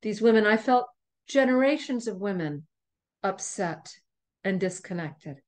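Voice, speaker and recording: A middle-aged woman, a podcast guest, telling a personal story in an animated way, often laughing. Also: mid-range voice, a little slow. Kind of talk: storytelling in conversation.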